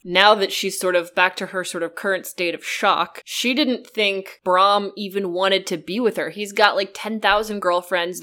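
A woman co-hosting a book podcast, discussing chapters in a relaxed, conversational way. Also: medium pitch. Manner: conversational, many "like" fillers. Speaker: podcast co-host.

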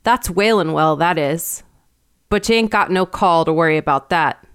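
A woman's voice: on the low side, normal speed, fairly bright tone, clear, resonant tone, dry recording, clean studio sound, close to an everyday voice. Woman doing grave old country shepherd. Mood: knowing. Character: gruff old rustic male shepherd, grave and superstitious. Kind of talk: storybook reading.

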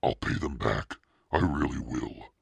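A man's voice: very deep voice, unhurried, vocal fry, breathy edge, dry recording, full character voice. A man reading aloud and voicing an upset, easily scared schoolgirl in a raised, distressed voice. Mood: bitter.

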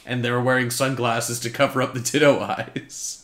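A man chatting casually about a movie with a friend, talking in quick, animated bursts. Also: mid-range voice. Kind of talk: casual chat.

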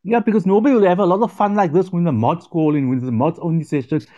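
A man from South Africa with a South African accent, chatting casually as a guest on a live show, animated and joking with rambling asides. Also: high-pitched, quick pace, muffled recording.

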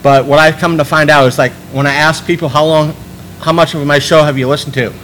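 A man hosting a podcast in casual chat, rambling and restarting his sentences, animated when he quotes people. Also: fairly high pitch, fairly quick, a little hiss or hum, rough recording. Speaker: podcast host.

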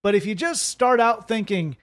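A man's voice: sits high, moderate pace. A man hosting a casual faith podcast, joking wryly and wrapping up the show. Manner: wry, joking, relaxed delivery. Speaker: podcast host.

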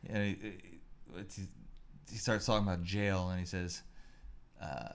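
A man co-hosting a podcast, telling rambling, animated stories in casual chat and swearing freely. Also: deep voice, unhurried, clear, resonant tone. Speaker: podcast co-host.

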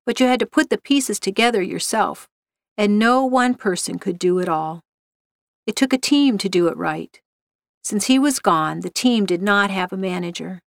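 A woman reading a short story aloud with a steady, even storytelling delivery. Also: mid-range voice, vocal fry, no room sound, studio quality. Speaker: narrator.

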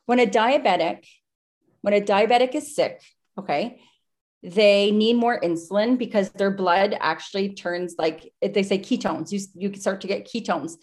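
A woman in her thirties appears as a podcast guest over a video call, retelling a story breathlessly and chattily with lots of "like" and other fillers. Her voice is medium-pitched, at a moderate pace.

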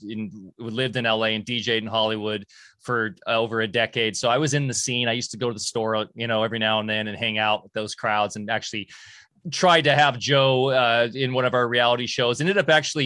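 A man's voice: mid-range voice, pushed and bright, dry recording, clean studio sound. A man hosting a casual podcast, talking in a rambling, hesitant way. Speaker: podcast host.

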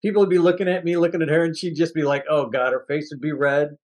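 A man's voice: on the high side, steady tone, fast. A man co-hosting a movie review podcast, chatting casually and acting out scenes from the film with laughter. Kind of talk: casual chat.

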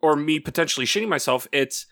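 A man riffs crudely on a casual podcast with his friends. His voice is bright and forceful, and it sits close and dry on the mic. He tells the story in a rambling, profane way. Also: a little high, fast talker, vocal fry, no room sound. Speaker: podcast co-host.

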